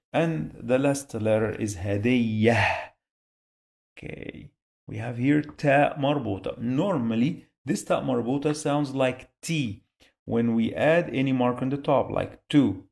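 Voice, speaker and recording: A man teaching a spelling lesson, slowly repeating each sound syllable by syllable. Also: medium pitch, creaky, darkish tone. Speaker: Arabic teacher.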